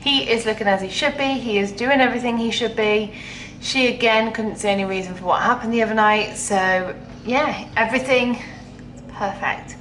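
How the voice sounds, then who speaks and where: A woman's voice: fairly high pitch, normal speed, a bit bright, a little hiss or hum. Woman vlogger, middle-aged, candid straight-to-camera talk, echoey room. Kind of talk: personal pregnancy vlog.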